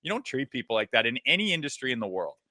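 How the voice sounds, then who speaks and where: A man's voice: mid-range voice, big pitch swings, very fast, sharp tone, no room sound, clean studio sound. A man co-hosting a casual sports podcast, speaking emphatically and swearing as he agrees with his guest. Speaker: podcast co-host.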